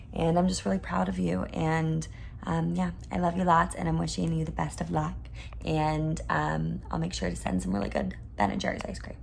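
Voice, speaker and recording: A woman recording a warm, hesitant video message to a friend. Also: low-pitched, gravelly, a little hiss or hum.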